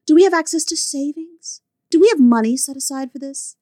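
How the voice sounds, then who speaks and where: A woman's voice: high-pitched, a little fast, dark tone, dry recording, clean studio sound, voice pushed up, natural voice. A woman putting on the voice of a pretentious, prim woman salesperson who coaxes clients about money. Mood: coaxing. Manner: pretentious, coaxing.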